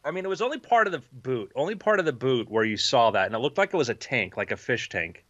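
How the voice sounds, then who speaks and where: A man's voice: medium pitch, expressive, quick pace, fairly bright tone. Brief: male game master, easygoing scene narration, slightly dull lo-fi recording.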